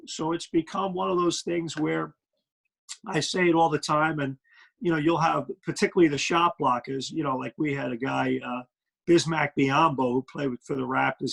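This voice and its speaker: A man's voice: on the high side, vocal fry, a bit bright, rough recording. A middle-aged man with a Brooklyn accent, a basketball analyst chatting as an interview guest, rambling with plenty of fillers. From Brooklyn, New York. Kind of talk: casual interview.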